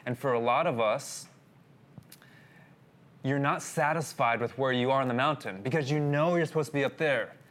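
A pastor tells a personal story during a sermon, speaking casually and calling his listeners "guys." His voice is medium-pitched and fairly bright, moving at a moderate pace with long pauses.

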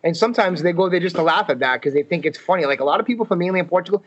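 A man from Massachusetts chats about his comedy shows, lively and quick to quote people in his stories. His voice sits a little high. The sound is dull and lo-fi. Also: husky. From Fall River, Massachusetts, US. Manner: animated storytelling with quoted voices. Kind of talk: casual podcast chat.

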